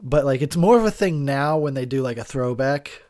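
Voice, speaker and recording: A drunk and high man giving a crude, rambling, giggly commentary over a movie he is watching. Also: animated, moderate pace, darkish tone.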